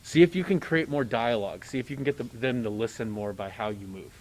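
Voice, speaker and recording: A man's voice: medium pitch, fast talker, darkish tone, a little hiss or hum. Middle-aged male clinician, direct rehearsal coaching with light joking. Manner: direct, joking, talks through examples. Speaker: conducting clinician.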